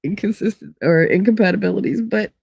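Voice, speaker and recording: Animated New woman telling stories. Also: medium pitch, a little fast, creaky, husky, no echo, studio quality. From Hoboken, New Jersey. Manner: animated, swears freely, frequent laughter. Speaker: podcast host. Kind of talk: casual storytelling chat.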